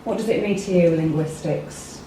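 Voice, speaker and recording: A woman with an English accent leads a conversational workshop session, regularly quizzing the small group gathered in the meeting room. Her voice is on the low side at a normal speed, and background noise, room echo and a distant mic color the recording.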